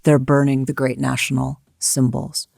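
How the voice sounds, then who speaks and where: An American woman co-hosting a history talk, her voice gravelly with a creaky edge. She tells events in a vivid, emphatic way. The sound is close and dry. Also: very deep voice, flat delivery, normal speed, a little mellow, no echo. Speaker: co-host. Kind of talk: history discussion.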